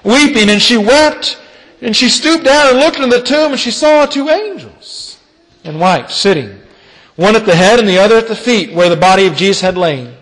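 A man preaches a sermon at normal speed, reading scripture and retelling it animatedly with dramatic storytelling and big swings in pitch and loudness. A long hall reverb hangs on the recording.

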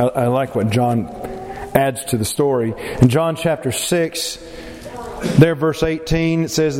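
Animated high-voiced preacher in a hall. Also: male voice. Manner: animated, acts out scripture quotes with rising pitch. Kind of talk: sermon. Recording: reverberant hall with faint ambient noise.

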